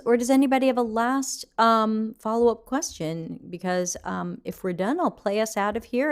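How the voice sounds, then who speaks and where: A woman's voice: a little high, a little mellow. Chatty woman hosting a livestream. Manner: chatty, reads viewer comments aloud. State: yawning, still waking up. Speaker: livestream host. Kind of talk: casual livestream chat.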